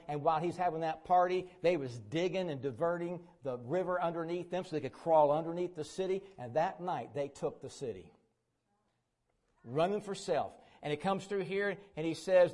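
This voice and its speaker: A man's voice: a little high, normal speed. Folksy preacher man. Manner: folksy, voices quoted figures, bursts into shouting. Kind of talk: sermon.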